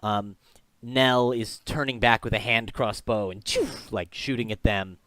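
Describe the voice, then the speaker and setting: A man's voice: on the low side, steady tone, a little slow, fairly bright tone, no echo. A man running a tabletop game as game master, narrating the scene with frequent ums and uhs.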